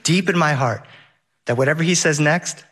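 Husky-voiced man telling a stage story. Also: normal speed, a bit bright. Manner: vivid, comic, voices his son in a high whine.

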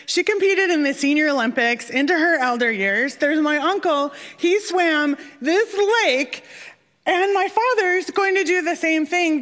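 A woman telling a personal story on stage, animated and self-mocking, laughing through her lines. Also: high voice. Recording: long hall reverb.

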